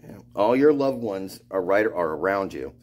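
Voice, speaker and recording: A Floridian spiritual vlogger delivers a rambling monologue in a low, slightly mellow voice with lively intonation and a moderate pace. He meanders, restarting and trailing off, swearing often and laughing through his stories.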